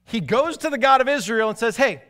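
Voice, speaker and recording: High-pitched guy preaching, really animated storyteller, gets quiet and serious at times. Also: fast talker, smooth. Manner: animated storytelling, shifting from excited to hushed and grave. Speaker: pastor. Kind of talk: sermon.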